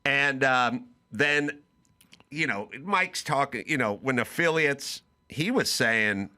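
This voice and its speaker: On his talk show, a middle-aged podcast host shares a laid-back story and lively performs both ends of a phone conversation in quotes. His mid-range voice takes things slowly.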